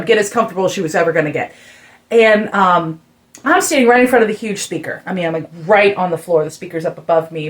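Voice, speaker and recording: A middle-aged woman from the United States talks through a long concert story in a relaxed podcast chat. She is animated and keeps filling her sentences with "like", and her voice climbs higher as her excitement builds. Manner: animated storyteller, many "like" fillers, rising excitement. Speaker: guest musician telling a story.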